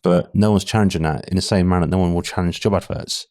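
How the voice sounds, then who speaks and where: A man's voice: sits low, steady tone, fast, a little mellow, dry recording, studio quality. A British man speaking candidly as a guest in a casual podcast interview, with frequent restarts. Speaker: podcast guest, talent acquisition head.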